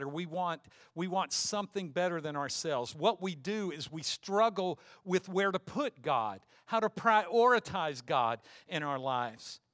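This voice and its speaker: A man's voice: high-pitched, a bit bright, no room sound, clean studio sound. A middle-aged man preaching a sermon as pastor, earnest and conversational with homely asides.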